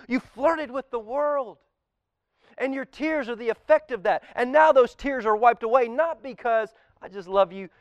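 A man preaching a sermon as pastor, impassioned and swinging between loud emphasis and hushed near-whispers. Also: very high-pitched, no echo. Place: church auditorium.

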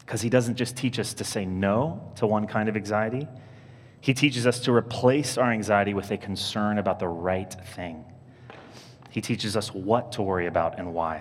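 A man preaching as a priest, telling stories in a lively, animated way and leaping up in pitch when he mimics other people. His own voice sits fairly low. The sound rings with a long reverb from the church around him. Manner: animated storytelling, jumping high when quoting others. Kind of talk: sermon.

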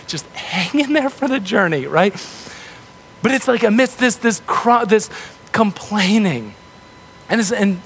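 A man preaching a sermon in a relaxed, conversational way, acting out the voices of the people in the story. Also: high-pitched, slight background noise. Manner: conversational, animated, acts out grumbling voices. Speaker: pastor. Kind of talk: casual sermon.

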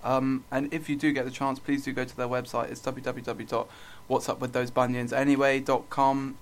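Deadpan male podcast co-host who keeps stumbling over his words. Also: mid-range voice, normal speed. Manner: deadpan, stammering restarts. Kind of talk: absurdist comedy podcast chat.

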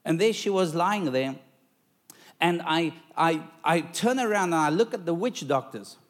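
A male preacher telling a story in a sermon, dramatic and lively, calling out to the congregation for responses. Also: on the high side, unhurried.

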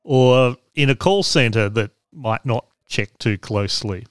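Smooth-voiced podcast host. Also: male voice, mid-range voice, unhurried, no echo, clean studio sound. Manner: explanatory, wry asides. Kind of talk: casual chat.

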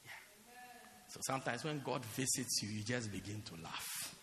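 A man's voice: mid-range voice, normal speed, fairly bright tone. A man preaching a sermon as pastor, emphatic and repeating his phrases for effect. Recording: echoey hall with long reverb.

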